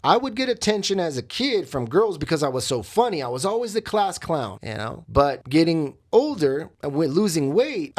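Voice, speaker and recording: A man hosting a podcast, telling his own story in a candid, reflective, confessional way with many fillers. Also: fairly high pitch. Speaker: podcast host and coach.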